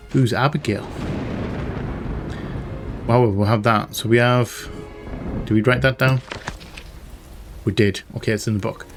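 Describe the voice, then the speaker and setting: A man talks his way through a hidden-object game, reading the notes he finds and tossing in dry, sarcastic remarks. His voice sits at an ordinary middle pitch. Game music plays clearly underneath him. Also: unhurried, long pauses. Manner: thinking aloud, reading in-game text with wry asides. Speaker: gaming channel host. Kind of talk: casual let's-play commentary. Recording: game music playing behind.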